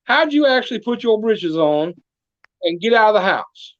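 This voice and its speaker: A man's voice: high voice, very animated, moderate pace, highs cut off. A man telling a comedic folksy story as a guest, drawling and full of country sayings.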